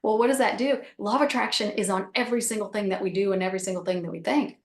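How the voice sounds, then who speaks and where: A woman's voice: mid-range voice, steady tone, rapid-fire. A woman speaks as the guest on a call, explaining her practice casually and acting out snippets of self-talk. She repeats key phrases over and over as she goes. Her voice sits in a middle range, with a noticeable room echo around it. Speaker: guest teacher. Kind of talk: casual spiritual teaching on a call. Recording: roomy echo.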